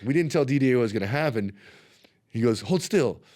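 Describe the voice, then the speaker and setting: Animated man telling fighting stories. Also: mid-range voice, fast talker. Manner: animated, acts out quotes in his stories. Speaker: martial arts instructor, guest. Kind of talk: casual storytelling interview.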